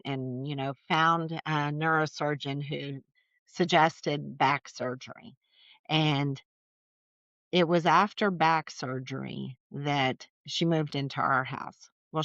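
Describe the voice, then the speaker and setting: A middle-aged woman, a podcast guest, telling family stories in a chatty, animated way with lots of fillers. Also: deep voice, no room sound, highs cut off. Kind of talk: casual storytelling conversation.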